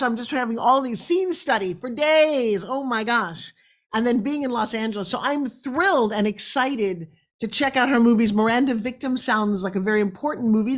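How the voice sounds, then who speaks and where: A middle-aged woman from New York hosting a talk show, enthusiastic and chatty as she tells stories. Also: fairly high pitch. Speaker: host.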